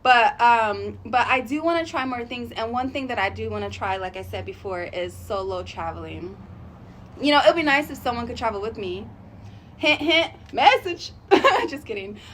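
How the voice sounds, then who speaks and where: A vlogger with a slightly high voice rambles loosely and warmly through a casual video, thinking out loud and describing herself as a sensitive, emotional person. She's animated and speaks at a normal speed, with faint room ambience and a little hiss or hum behind her.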